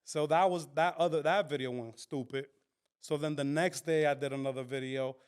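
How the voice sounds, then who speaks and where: A man on a podcast as a guest, telling his story in a casual, animated and profane way. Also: a little high, moderate pace, clean tone. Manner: animated, profane, full of fillers and quoted dialogue. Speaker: podcast guest, content creator.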